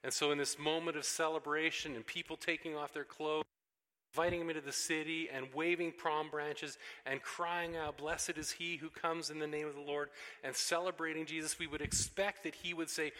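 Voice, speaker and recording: A man preaching a sermon, animated and emphatic, acting out what people say and building to forceful peaks. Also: on the high side, moderate pace. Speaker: pastor. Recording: long hall reverb.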